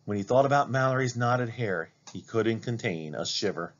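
A man reading a children's novel aloud, narrating in an expressive, dramatic way. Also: mid-range voice, moderate pace, few pauses, muffled recording. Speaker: reader. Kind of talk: storybook read-aloud narration.

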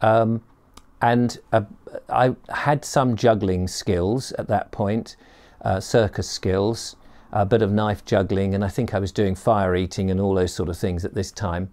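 Low-voiced man telling a rambling story. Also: fairly even intonation, measured pace, darkish tone. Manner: rambling, chatty, many ums and restarts. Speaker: storyteller and performer. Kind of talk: personal story told to camera.

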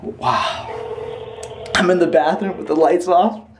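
A man vlogging casually into a handheld camera, excitable and rambling, quick to laugh. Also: sits high, vocal fry, a little hiss or hum. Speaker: YouTube prank vlogger.

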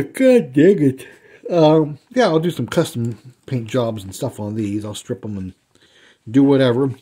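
A man in his fifties with a slightly husky, breathy voice at a middling pitch. He talks through his die-cast car haul at home in an easygoing, meandering way, with frequent ums and uhs. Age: 50s. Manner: relaxed and rambling, with many ums and uhs. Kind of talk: casual unboxing vlog. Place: indoors at home.

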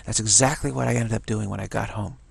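A man's voice: on the low side, steady tone, quick pace, creaky, husky, dry recording. A man telling a rambling, enthusiastic story in a casual monologue, often restarting his sentences.

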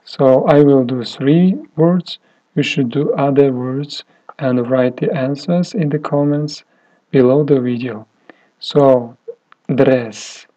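Slow, mellow-voiced male teacher. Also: medium pitch. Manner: slow, deliberate, with many fillers and pauses. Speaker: English teacher. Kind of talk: slow phonics lesson. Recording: dull lo-fi audio.

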